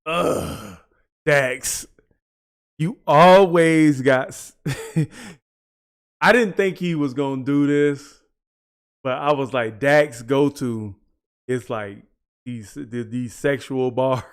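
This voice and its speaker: A man's voice: mid-range voice, very slow, pauses often, smooth. A man hosting a music reaction video, chatting casually, breaking down lyrics and laughing often.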